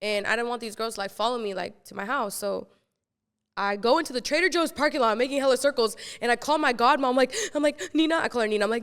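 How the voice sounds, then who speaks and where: A young woman hosting a podcast and telling a story casually, animated, swearing freely and acting out what she said back then. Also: fairly high pitch, fast talker, clean tone, big-room sound. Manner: animated, swears freely, acts out her own quotes. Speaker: podcast host.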